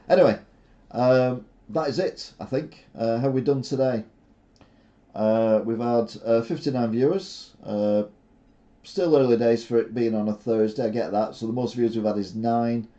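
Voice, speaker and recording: A man's voice: mid-range voice, mellow. An older man hosting a live stream in a casual, sarcastic, rambling way, full of fillers. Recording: dull lo-fi stream audio.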